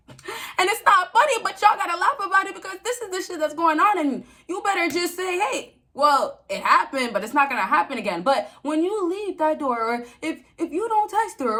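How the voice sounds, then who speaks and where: A woman's voice: extremely high pitch, pushed and bright. A young woman giving relationship advice to men in a casual, preachy vlog, repeating herself for emphasis and laughing often. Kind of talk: casual direct-to-camera advice talk.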